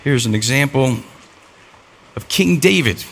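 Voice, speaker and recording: A man's voice: mid-range voice, lively intonation, measured pace, creaky, fairly bright tone, breathy edge. A middle-aged man preaching a sermon as a pastor, telling stories and acting out the dialogue in them. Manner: storytelling with acted-out dialogue.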